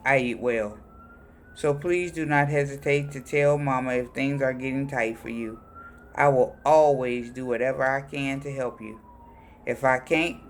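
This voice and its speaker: A man reading personal letters aloud in a plain, unhurried voice. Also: medium pitch, a little hiss or hum. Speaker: reader of letters.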